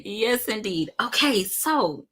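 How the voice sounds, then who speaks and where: A woman's voice: mid-range voice, expressive, takes it slowly, a bit bright. A woman hosting a live show in casual chat, upbeat and talkative, calling her viewers y'all.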